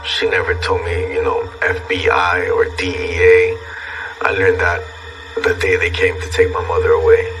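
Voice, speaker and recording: Man, documentary interview, reflective, measured, very low voice, music bed. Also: monotone. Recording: distant mic with music underscore.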